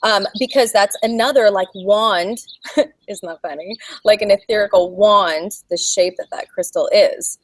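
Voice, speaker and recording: A woman's voice: mid-range voice, unhurried, dry recording. A woman guest talking casually about spirituality in a rambling, chatty way, laughing often.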